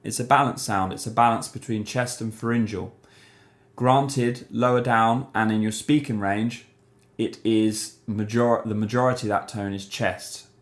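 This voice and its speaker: A man's voice: fairly low pitch, normal speed. Man teaching singing, demonstrating vocal sounds. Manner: relaxed, conversational explaining. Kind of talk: voice lesson to camera.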